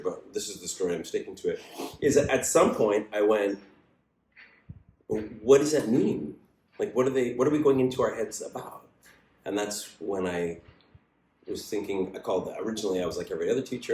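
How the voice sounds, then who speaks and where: A man teaching an acting class in a casual, animated way, swearing freely and acting out the lines he quotes. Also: roomy sound, a little hiss or hum. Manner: animated, profane, acts out quoted lines with big pitch jumps.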